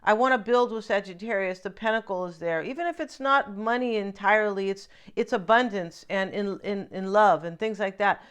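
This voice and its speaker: A woman's voice: mid-range voice, moderate pace, hardly any pauses, clean tone. Chatty woman giving a tarot reading. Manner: chatty, asks "right?" often, muses aloud. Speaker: tarot reader. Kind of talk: casual tarot reading monologue.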